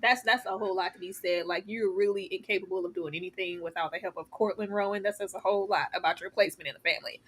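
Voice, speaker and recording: A woman hosting a casual TV review panel, talking in an animated, emphatic way. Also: medium pitch, fast, hardly any pauses, a little hiss or hum. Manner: animated, emphatic, acts out quotes.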